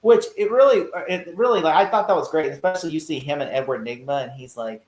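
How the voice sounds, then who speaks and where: A man chatting casually on a podcast about a TV show, acting out lines from the scenes in animated bursts. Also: fairly high pitch, fast talker, echoey room. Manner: animated, acts out quotes from scenes. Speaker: podcast co-host. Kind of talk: casual chat.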